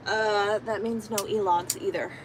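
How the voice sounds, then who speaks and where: A woman's voice: mid-range voice, steady tone, unhurried, background noise. A woman truck driver chatting casually on a live stream from inside her truck cab, talking to her viewers and her cat.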